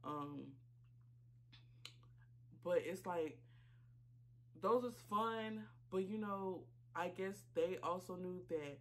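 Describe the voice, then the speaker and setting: A woman reaction vlogger, talking casually while choked up and tearful, halting with many fillers and apologies. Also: lowish voice. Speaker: YouTube reaction channel host. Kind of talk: casual reaction vlog talk.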